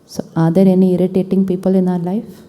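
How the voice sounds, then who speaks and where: A woman giving a calm spiritual talk to an audience, repeating key phrases and acting out quoted dialogue. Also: lowish voice, fast talker. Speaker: spiritual teacher. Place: large hall with an audience. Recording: long hall reverb.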